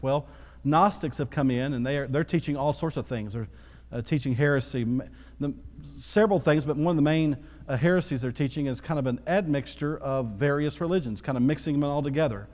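A man's voice: on the high side, fairly quick, darkish tone. A man in his thirties preaching a sermon, talking conversationally and then building to emphatic repetition. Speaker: pastor. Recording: long hall reverb.

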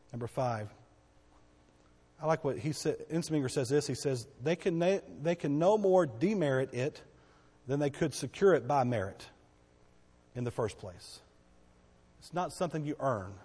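A man preaching a sermon as pastor, swinging between loud, emphatic declarations and hushed, quiet passages. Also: on the high side, lively intonation, normal speed, pauses often, breathy edge, long reverb tail.

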